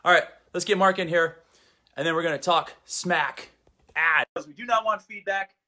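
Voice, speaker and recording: A man hosting a fitness show, leading an exercise demo and then chatting in an energetic, jokey, rambling way, a little out of breath. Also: high-pitched, moderate pace. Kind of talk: exercise demo and casual podcast chat.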